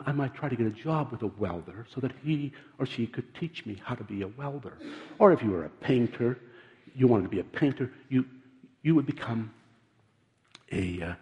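Older male preacher, halting and earnest. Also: medium pitch, warm tone. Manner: halting, repeats words, earnest storytelling. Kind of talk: sermon. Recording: dull sound in a large reverberant hall.

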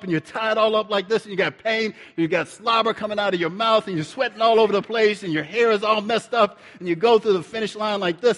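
A middle-aged man preaching, telling a lively story and acting out the dialogue. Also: sits high, big-room sound. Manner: animated storyteller, acts out dialogue. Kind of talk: storytelling sermon.

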